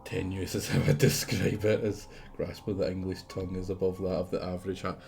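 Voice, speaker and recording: A man's voice: low-pitched, level tone, a little fast, creaky, a little mellow, faint music behind. A Scottish man streaming a game live, rambling casually, swearing freely and talking back at the game. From Scotland. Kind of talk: casual live gameplay commentary.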